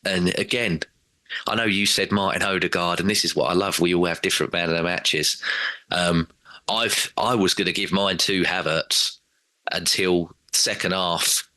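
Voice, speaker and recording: A low-voiced man chats casually about football on a podcast, rambling and animated and slipping into quoted voices. His tone is bright and forceful, and the recording is dry and close. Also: moderate pace, dry recording. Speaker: podcast regular.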